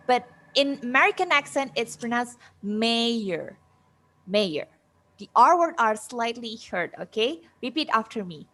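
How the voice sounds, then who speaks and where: A woman's voice: on the high side, lively intonation, sharp tone. A woman teaching an online English pronunciation class, patient and encouraging. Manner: slow, patient, encouraging, laughs often.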